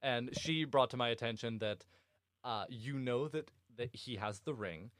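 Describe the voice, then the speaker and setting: A man hosting a casual book podcast, animated and swearing freely, often breaking into laughter. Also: mid-range voice, a little slow. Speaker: podcast host.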